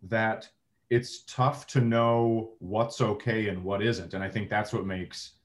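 A man's voice: lowish voice, steady tone, slow. A man co-hosting a podcast in casual chat, trading wry jokes. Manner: wry, joking banter. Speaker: podcast co-host.

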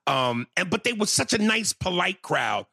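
Gravelly, animated comedian telling a story. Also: male voice, high voice, normal speed, no echo, clean studio sound. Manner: profane, animated, with many restarts. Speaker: stand-up comedian. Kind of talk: casual storytelling.

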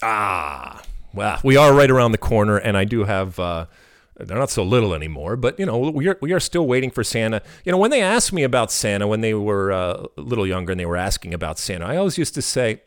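A middle-aged man co-hosting a soccer podcast in casual chat, talking in animated bursts and often repeating words. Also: lowish voice, brisk, smooth. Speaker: podcast co-host.

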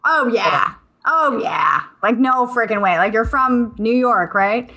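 A woman's voice: on the high side, expressive, slow, bright, forceful tone. A young woman from California, co-hosting a podcast, blunt and joking, with casual swearing. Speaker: podcast co-host. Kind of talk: casual chat.

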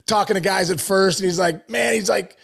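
A middle-aged man, a former baseball player, telling stories on a podcast in an animated, casual way, laughing often and calling people "dude.". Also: high voice, brisk, creaky, husky. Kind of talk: casual storytelling.

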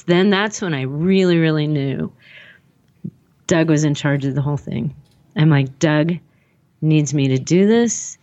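A woman's voice: sits low, unhurried, mellow, muffled recording. A woman telling a personal story in conversation, rambling and acting out the dialogue with lots of "like". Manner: rambling, acts out the dialogue, frequent "like".

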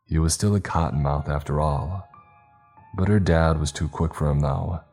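A man narrating a story in a steady, measured reading. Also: a bass voice, gravelly. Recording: faint background music.

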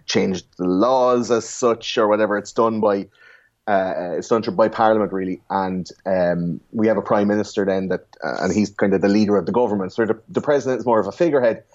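Irish man, low voice, rambling casual podcast talk, dull lo-fi recording. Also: fairly quick, darkish tone. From Ireland. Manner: loose, rambling, laughs often. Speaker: podcast co-host. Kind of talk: casual chat.

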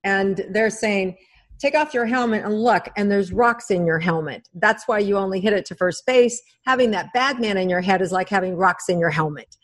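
A middle-aged woman, a psychic-medium guest on a podcast, speaking as a gentle coaching storyteller. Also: mid-range voice, moderate pace. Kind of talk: podcast interview.

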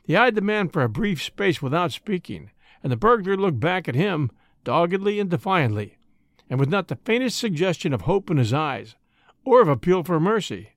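A man reading a classic story aloud in a measured, storytelling way. His voice sits a little high and moves through a lively range. The recording is close and completely dry. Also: no echo. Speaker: audiobook narrator. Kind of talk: expressive scripted narration of a classic story.

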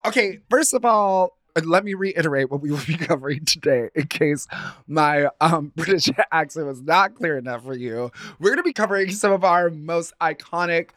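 A man's voice: fairly high pitch, lively intonation, normal speed, a bit bright, no room sound. A man co-hosting a fashion podcast in a casual, playful chat, laughing often as he talks. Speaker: podcast co-host.

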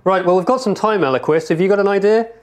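Excitable player. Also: male voice, high-pitched. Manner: excitable, quick reactions. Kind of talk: casual tabletop play.

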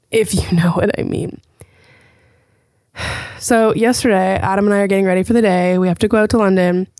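A woman hosting her own podcast, talking casually and telling stories with lively, profane chatter. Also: medium pitch, no echo, clean studio sound. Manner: chatty, swears freely, animated storytelling. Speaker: podcast host. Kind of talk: casual chat.

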